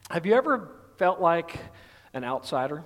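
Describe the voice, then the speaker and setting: A man's voice: fairly high pitch, very animated, moderate pace, in a large hall. A middle-aged man from Texas with a light Southern accent, preaching a sermon in a folksy, conversational way with many fillers. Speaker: pastor.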